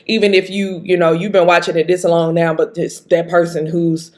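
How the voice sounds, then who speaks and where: A woman's voice: on the low side, normal speed. A woman from Mississippi with a Mississippi accent, chatting casually and emphatically as she reviews a movie. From Jackson, Mississippi. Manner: chatty, animated, emphatic, laughs often. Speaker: vlogger.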